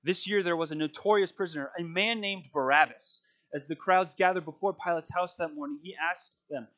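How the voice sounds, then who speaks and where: A man with a somewhat high-pitched voice delivers a sermon, first reading scripture with dramatic emphasis. He then moves into relaxed, conversational preaching with everyday fillers. The recording sounds dull and muffled. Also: fairly quick, few pauses.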